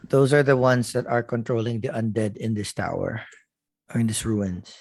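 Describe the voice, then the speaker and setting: A man's voice: medium pitch, moderate pace, gravelly, a little mellow. A man playing a tabletop game, asking questions and planning moves. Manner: asks questions, plans tactics. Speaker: player.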